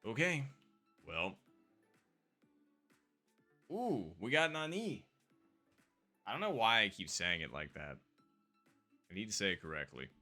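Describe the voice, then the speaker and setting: A man's voice: low voice, sing-song, normal speed, long pauses, bright, forceful tone, soft background music. A man streaming live, chatting casually and rambling with fillers while he plays a game. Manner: rambling, chatty, with frequent fillers and self-asides.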